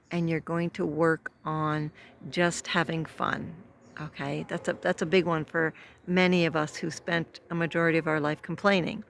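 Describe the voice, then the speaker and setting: A woman's voice: on the low side, creaky, slight background noise. A middle-aged woman giving a motivational self-help talk, earnest and repetitive, asking many rhetorical questions. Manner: repeats herself for emphasis, soft-spoken.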